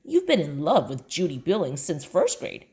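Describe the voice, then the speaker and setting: Storybook mom, calm and wry, teasing her son, read by a woman, deep-set voice with lively turns. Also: moderate pace, heavily acted. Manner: dry, gently teasing. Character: calm teasing mother, middle-aged. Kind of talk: children's book read aloud.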